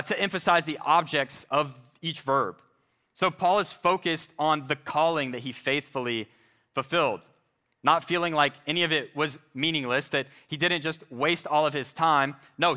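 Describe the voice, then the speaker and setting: Bright-voiced man preaching earnestly. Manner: earnest preaching, slows and drops low on key phrases. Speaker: pastor. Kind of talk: sermon.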